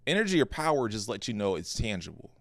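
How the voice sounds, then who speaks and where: A man, a pastor co-hosting a podcast, telling a personal story in an earnest, animated way with frequent restarts. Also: fairly low pitch, fast talker, no echo. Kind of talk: casual podcast conversation.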